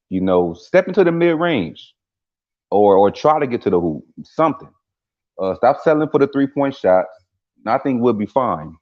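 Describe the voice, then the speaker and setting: A man hosting casual sports talk, speaking haltingly with many fillers. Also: sits low, dull audio. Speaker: show host.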